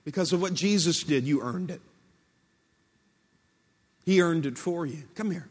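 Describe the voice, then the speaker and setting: A man's voice: fairly high pitch, unhurried. A man preaching a sermon in a storytelling way, acting out quoted speech and building to impassioned peaks. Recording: long hall reverb.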